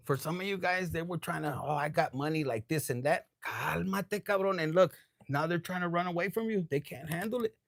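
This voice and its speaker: A man's voice: fairly high pitch, no room sound, studio quality. A man giving a casual live tarot reading, tipsy, loose and profane, dropping Spanish phrases. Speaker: tarot reader.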